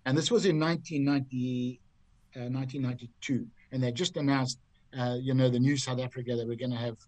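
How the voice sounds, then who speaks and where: A man's voice: mid-range voice, fast, dry recording, rough recording. An older man from Zimbabwe, a golf commentator guesting on a podcast, telling anecdotes with relish and acting out the voices of people in his stories. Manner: lively raconteur who acts out other people's voices. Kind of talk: anecdotal storytelling.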